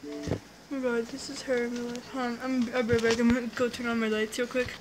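A woman's voice: fairly high pitch, little pitch movement, a little fast. A young woman vlogging in a casual chat, gushing and squealing as she repeats herself. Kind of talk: excited casual vlog chat. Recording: noisy home recording.

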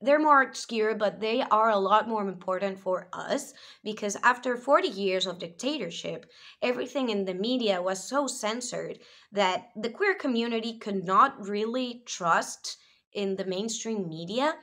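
A woman from Spain talks through a review in English with a clear Spanish accent. Her voice is bright and lively in tone, and her delivery is chatty, enthusiastic and loose, dotted with casual fillers. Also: mid-range voice, moderate pace. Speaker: video reviewer. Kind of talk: casual explanatory vlog.

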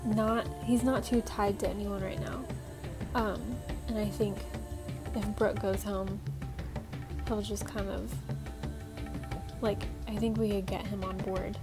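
A woman's voice: medium pitch, little pitch movement, slow pace, pauses often, over music. A young woman contestant giving a confessional interview, chatty and full of "like" and "um". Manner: chatty, hedging with "like" and "um".

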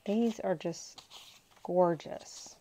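A woman's voice: on the low side, extremely slow, dark tone, slight background noise, rough recording. A woman hosting a crafting channel, chatting casually and gushing to herself as she unboxes paper supplies. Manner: gushing, talks to herself while handling paper.

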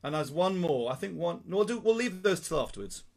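A man's voice: a little high, very animated, a little fast. A man hosting a children's sing-along livestream, leading songs and telling jokes. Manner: leads singing, cheerful joking banter. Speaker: host.

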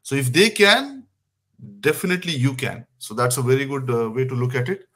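A man's voice: mid-range voice, animated, brisk, a bit bright. A man with an Indian English accent, teaching French in a live online lesson, encouraging viewers and calling out vocabulary for them to answer.

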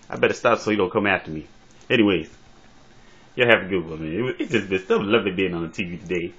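A man's voice: fast, slightly rough. A man doing boastful, teasing comic banter and impressions. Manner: boastful, teasing banter with lively pitch swings. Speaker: amateur comedian. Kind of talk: comic impressions and trash talk. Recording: dull lo-fi phone recording.

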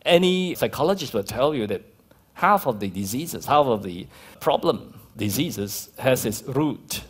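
A man's voice: medium pitch, unhurried, breathy edge. A male pastor with a Malaysian accent, preaching a sermon and telling stories with acted-out quotes. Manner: lively storytelling with laughs and acted-out quotes.

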